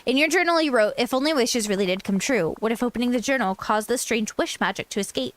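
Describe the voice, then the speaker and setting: A woman reading aloud the lines of a calm, encouraging young princess from a game, in a reassuring way. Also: fairly high pitch, fast talker, dry recording, natural voice.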